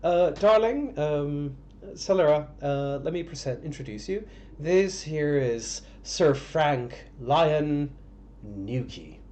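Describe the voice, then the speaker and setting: A man's voice: a little high, animated, a little mellow, a little hiss or hum. A man playing a flustered noble father. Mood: flustered formal. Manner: halting, flustered and formal.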